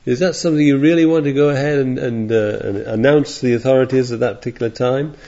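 Speaking fast in a dark, mid-range voice, a preacher rambles through a digressive sermon for a California congregation, pausing to read scripture aloud. The sermon recording is dull and lo-fi.

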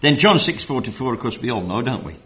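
A man preaching a Bible study sermon. He reads verses slowly and with emphasis, then drifts into loose, filler-heavy asides. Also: mid-range voice, sing-song, bright, forceful tone, slight background noise.

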